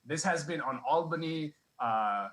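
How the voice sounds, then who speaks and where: Bright-voiced man telling a rambling stand-up story. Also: a little high, lively intonation, a little slow, low-quality recording. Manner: rambling, self-deprecating, many restarts. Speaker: stand-up comic. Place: comedy club stage.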